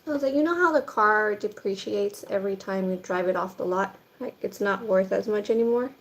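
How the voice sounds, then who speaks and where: A woman's voice: mid-range voice, fairly quick. A young woman streaming casually from home while doing her makeup, chatty and blunt, swearing without fuss.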